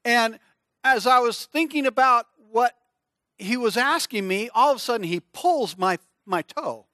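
A middle-aged man with a high, bright voice preaches in an unhurried, animated storytelling way. He acts out screams and little voices as he goes. The sound is close and dry. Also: dry recording. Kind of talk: storytelling sermon.

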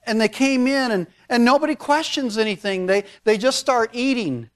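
High-voiced man preaching folksy sermon. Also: moderate pace. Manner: conversational, folksy asides. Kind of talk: storytelling sermon.

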